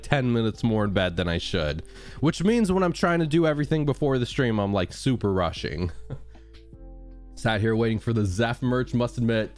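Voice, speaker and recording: An upbeat man chatting live with his stream viewers from home, his voice cracking a little today. His pitch leaps up as he greets people by name, swinging widely through the talk. Faint music plays softly underneath. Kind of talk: casual live-stream chat.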